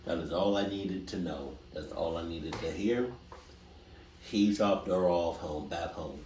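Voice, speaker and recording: Deep-voiced man reacting with loud outbursts. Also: a little slow. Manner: loud animated outbursts, slangy. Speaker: reaction streamer. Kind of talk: casual reaction commentary. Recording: distant roomy mic with faint noise.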